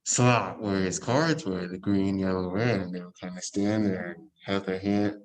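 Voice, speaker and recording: Podcast co-host, male, very low voice, relaxed, easygoing chat. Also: low-quality recording. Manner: relaxed, easygoing, fond of quick agreeing murmurs. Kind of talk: casual chat.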